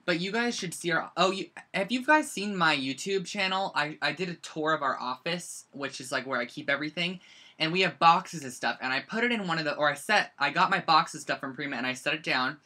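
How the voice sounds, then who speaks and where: A teenager hosts a casual live-streamed craft lesson from a bedroom at home, picked up by the camera's own mic. The voice is bright and forward. The talk rambles along, full of "like" and quick side-stories. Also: medium pitch, lively intonation. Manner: rambling and chatty, heavy use of "like". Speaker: scrapbooking instructor.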